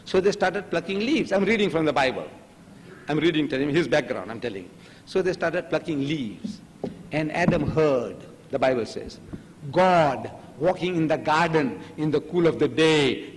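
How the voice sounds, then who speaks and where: A man's voice: on the high side, moderate pace, long reverb tail, slight background noise, rough recording. An older man whose first language is Gujarati, giving a religious lecture and acting out the dialogue of the stories he tells. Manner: animated storytelling, acting out dialogue.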